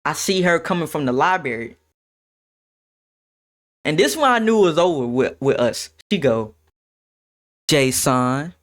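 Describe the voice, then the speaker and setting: A young man chats to his stream audience in a loose, unscripted storytime. His pitch swings widely as he gets animated and acts out quotes from people in the story, breaking into laughter along the way. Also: normal speed, long pauses. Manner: animated, laughs, quotes others in shifting voices. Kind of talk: casual storytime to stream chat.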